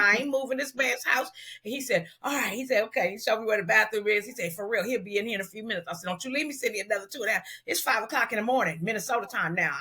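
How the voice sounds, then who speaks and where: A middle-aged woman from Los Angeles, a hairstylist telling an animated, slangy story in an interview and acting out the dialogue. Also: medium pitch. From South Central Los Angeles, US. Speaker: celebrity hairstylist, guest.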